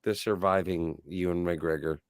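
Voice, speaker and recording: Podcast guy thinking out loud, slow and unhurried, dry close mic. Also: sits low, fairly even intonation, clear, resonant tone, no room sound. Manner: thoughtful, searching for words, fond praise. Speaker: podcast co-host. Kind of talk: casual podcast discussion.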